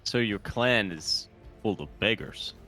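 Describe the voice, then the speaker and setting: Animated, incredulous male player. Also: lowish voice, takes it slowly, soft background music. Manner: incredulous, questioning, stammers. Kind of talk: in-character tabletop play.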